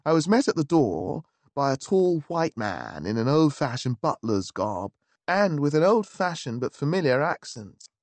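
A man narrating a story in a wry, lively, genteel manner. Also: on the high side, normal speed, dry recording. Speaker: audiobook narrator. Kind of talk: scripted narration.

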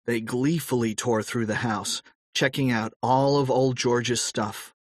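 A man's voice: medium pitch, fairly even intonation, a little slow, dry recording, studio quality. A man narrating a children's audiobook with playful storytelling.

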